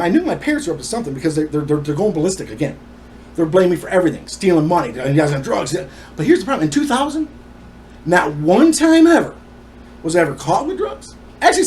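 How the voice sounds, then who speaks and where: A man ranting through a personal story with rapid asides. His voice is animated and swings widely in pitch, with a faint hiss of noise under it. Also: low-quality recording.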